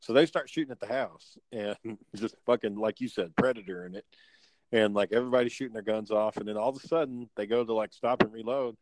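A man's voice: lowish voice, fast, no room sound. A man telling a story in casual chat, laid-back and rambling, swearing and using lots of fillers.

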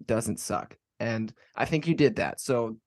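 A man hosts a laid-back podcast chat at an ordinary, mid-range pitch. He rambles and circles back, with plenty of "um"s and restarts as he builds his question. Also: a little mellow. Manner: rambling and halting, many fillers and restarts. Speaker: podcast host. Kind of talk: casual conversational interview.

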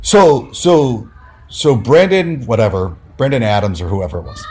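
A middle-pitched man telling stories in a relaxed interview, his voice leaping up and down as he replays conversations. He talks in loose runs full of "like" and restarts. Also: a little slow. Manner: animated, many fillers, acts out quoted dialogue. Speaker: guest, sports writer. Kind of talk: casual interview storytelling.

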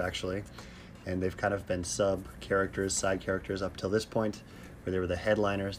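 A man hosting a comedic podcast, telling jokes with a deadpan, mock-sad delivery. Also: deep voice, slight background noise. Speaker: podcast host. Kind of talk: casual comedic podcast chat.

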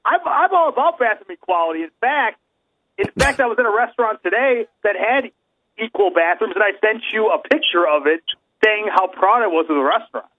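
A man's voice: sits high, lively intonation, a little fast, no echo, narrow, tinny audio. A man co-hosting a podcast, defending himself in exasperated casual chat. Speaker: podcast co-host.

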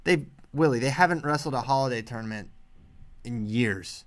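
A man co-hosting a podcast, chatting casually about wrestling picks with quick, animated banter. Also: mid-range voice. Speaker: podcast co-host. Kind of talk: casual sports chat.

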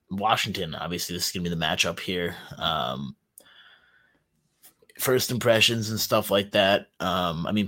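A man's voice: deep voice, pushed and bright. A young man on a sports podcast, rambling through his points in casual chat with lots of fillers. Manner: rambling, many fillers and restarts. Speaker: podcast co-host.

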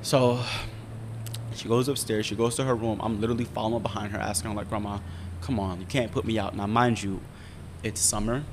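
A young man in casual chat, candidly telling a story, profane and animated as he talks. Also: a little fast. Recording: roomy reverb with faint rumble.

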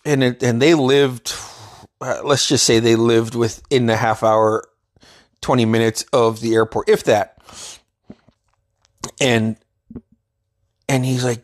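A man's voice: mid-range voice, steady tone, takes it slowly, pauses often. A man from Alaska telling a casual personal story, rambling and profane, often restarting his sentences and chuckling. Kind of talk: casual spoken anecdote.

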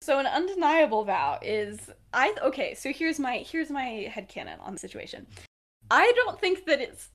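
A young woman talks casually as a podcast co-host, with a voice a touch higher than most. She chats loosely and fills the gaps with ums, likes and laughs. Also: very animated, moderate pace. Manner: chatty, many fillers and laughs. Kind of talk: casual storytelling chat.

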